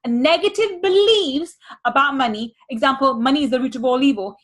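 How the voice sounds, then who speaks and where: A woman's voice: high-pitched, fairly bright tone. A woman money mindset coach teaching a workshop, repeating key phrases with energy.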